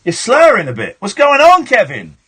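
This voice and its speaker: English male radio host, 40s, animated pitch, bright and a bit husky, stumbles and restarts sentences. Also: moderate pace. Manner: chatty, stammering restarts, frank. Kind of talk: late-night call-in chat. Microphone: studio mic.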